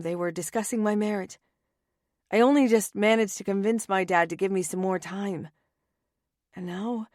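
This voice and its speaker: A woman narrating a first-person romance audiobook in a wry, anxious and often hushed manner, on a close studio mic. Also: medium pitch, no echo.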